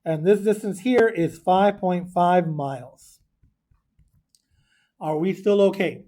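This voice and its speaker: Chatty high-voiced male math teacher. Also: takes it slowly, dark tone. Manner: chatty, asks the class questions, goes off on tangents. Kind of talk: classroom lesson, recorded for video. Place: classroom with students.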